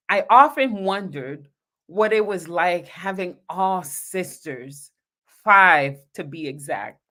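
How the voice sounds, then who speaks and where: A woman's voice: on the low side, a bit bright. A woman pastor reading a heartfelt dedication from her own book on a livestream, talking directly to her viewers.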